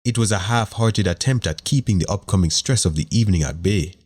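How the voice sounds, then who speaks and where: A man with a very low, slightly breathy voice reads a fantasy audiobook aloud. His delivery is steady and measured, as in scripted narration.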